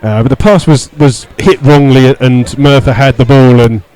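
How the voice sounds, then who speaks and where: Brief: male radio football commentator, mellow tone, halting play-by-play full of fillers, gets worked up over referee calls. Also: poor audio. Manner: steady play-by-play with many fillers, rising in pitch when indignant. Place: stadium stand among fans.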